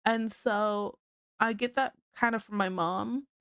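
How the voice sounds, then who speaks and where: Brief: young woman streamer, congested and sniffly, giggles constantly, mid-pitched, dry close sound. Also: steady tone, slow pace, fairly bright tone, clear, resonant tone, no room sound. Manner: giggly, laughs often and easily. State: sick with a blocked nose, sniffling. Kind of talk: casual livestream chat.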